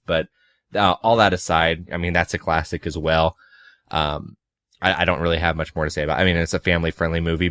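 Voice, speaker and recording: A man's voice: deep voice, fairly bright tone, no echo, clean studio sound. A man in his twenties co-hosting a casual movie podcast, rambling with lots of fillers and the odd sarcastic aside. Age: 20s. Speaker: podcast co-host.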